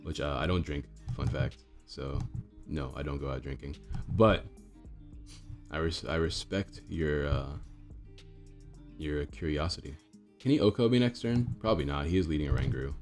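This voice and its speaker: A young man with a hoarse, groggy voice, chatting casually while commentating a card game he is playing. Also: extremely low pitch, normal speed, long pauses, soft background music. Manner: chatty, thinks aloud with fillers.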